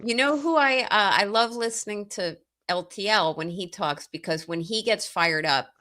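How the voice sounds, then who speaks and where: A woman co-hosting a live chat and giving legal commentary in a measured, analytical way. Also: mid-range voice, sharp tone. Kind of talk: casual live-stream chat.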